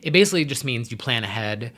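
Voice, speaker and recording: A man's voice: mid-range voice, expressive, fast talker, fairly bright tone. A man vlogging in a casual chat, rambling in a stream-of-consciousness way with frequent "um"s, "like"s and laughs.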